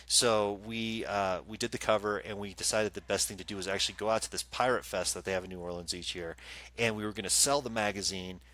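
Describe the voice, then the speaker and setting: Low-pitched man, bright forceful tone, animated storytelling, casual co-host chat. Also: quick pace. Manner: animated storyteller, acts out quotes. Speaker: co-host and psychic medium. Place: live streamed show.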